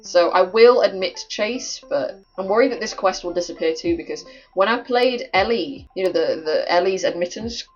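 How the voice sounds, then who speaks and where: A woman's voice: lowish voice, moderate pace, hardly any pauses, dull audio, soft background music. A young woman who chats animatedly while reading aloud from a story game and commenting on it. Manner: chatty and animated, with lots of filler "like". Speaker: game playthrough host.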